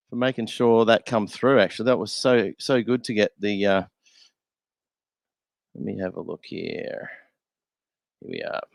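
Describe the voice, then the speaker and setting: A man's voice: mid-range voice, no echo. A man hosting a casual live show, laughing often and hesitating with many fillers. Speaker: talk show host. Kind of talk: casual chat.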